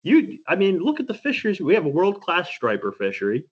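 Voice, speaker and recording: A man's voice: high-pitched, fairly quick. Male co-host, chatty and rambling, medium voice, a little muffled recording. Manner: rambling, animated storyteller. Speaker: podcast co-host. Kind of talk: casual chat.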